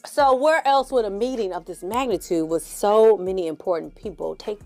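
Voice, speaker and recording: A woman's voice: lowish voice, normal speed, hardly any pauses, soft background music. A woman ranting through a bad movie review in a casual, sarcastic, profane style. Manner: sarcastic, profane, animated storytelling.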